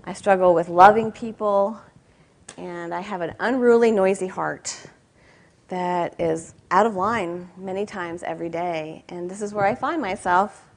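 A woman's voice: mid-range voice, a bit bright. A middle-aged woman giving a sermon at a weekend church gathering. She tells stories about herself with humor and often asks her listeners direct questions. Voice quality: candid, self-mocking humor, asks the audience direct questions. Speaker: speaker at a weekend church conference. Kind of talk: sermon with personal storytelling.

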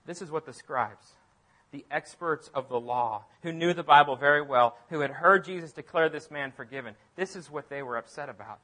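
A man preaching a sermon as pastor, emphatic, repeating phrases and swinging from loud declarations to near-quiet asides. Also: on the high side, normal speed.

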